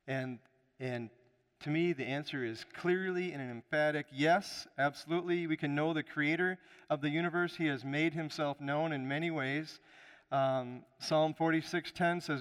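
A man's voice: a little high, fairly even intonation, moderate pace, smooth, big-room sound. A man preaching a sermon as pastor, with emphatic rises and frequent restarts.

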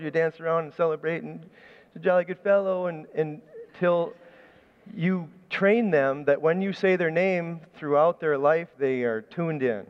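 A man's voice: on the high side, long reverb tail, muffled recording. A man preaching a sermon in a conversational, storytelling way, often restarting his phrases. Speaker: pastor.

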